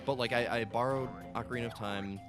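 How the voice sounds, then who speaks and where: A man in his late twenties, a gaming co-host playing a game while telling excited, rambling stories and swearing freely. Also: medium pitch, fast. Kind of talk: casual let's-play chat. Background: game music.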